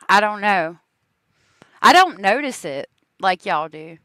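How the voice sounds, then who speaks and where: A woman's voice: mid-range voice, sing-song, very slow, fairly bright tone, smooth, no room sound. A woman hosting a casual true crime livestream, chatting with viewers and laughing often.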